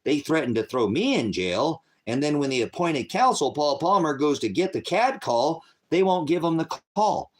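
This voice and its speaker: A man's voice: a little high, big pitch swings, normal speed, hardly any pauses. A middle-aged man hosting a faith channel, delivering an angry, profane, rambling rant to his viewers.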